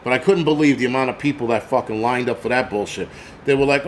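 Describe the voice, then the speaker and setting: A man's voice: mid-range voice, big pitch swings, fast, a little hiss or hum. Ranting, foul-mouthed man. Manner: angry, swearing, ranting. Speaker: channel host. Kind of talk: profane rant vlog.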